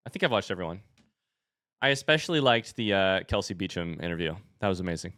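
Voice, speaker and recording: A young man chats casually with his live-stream audience, playful and talkative. His voice is bright and crisp, recorded dry and close with no room sound. He is a little out of breath. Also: sits low, very animated, quick pace, no echo. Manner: chatty, joking with chat.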